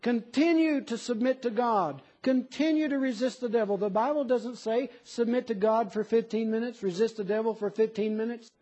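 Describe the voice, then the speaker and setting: A man's voice: steady tone, moderate pace, few pauses. A man preaching a sermon in an earnest, emphatic way, pressing each point home. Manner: earnest, emphatic, reads a poem in a softer lower voice.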